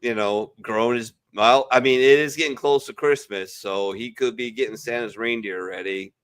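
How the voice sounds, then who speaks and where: A man's voice: mid-range voice, fairly even intonation, moderate pace, a bit bright. A man hosting a casual online chat among veterans, blunt and profane, rambling through his opinions over a video call. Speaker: podcast host. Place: home, virtual call.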